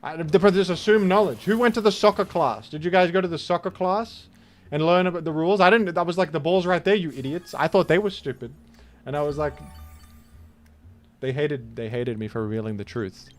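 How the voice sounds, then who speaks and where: A man's voice: fairly high pitch, a little fast. A man streaming a video game, chatting casually and telling rambling, self-mocking stories between moves. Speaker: gaming streamer. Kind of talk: casual commentary while playing. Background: faint background music.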